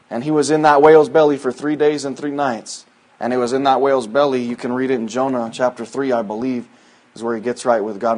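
A man preaching a sermon in a folksy, conversational way, quoting scripture and swinging from loud emphatic lines to hushed asides. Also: mid-range voice. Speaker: pastor.

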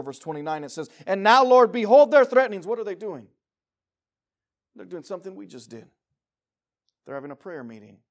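A man preaching a sermon to his congregation, swinging between loud emphatic passages and quiet, intense rhetorical questions. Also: a little high. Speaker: pastor. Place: church meeting room.

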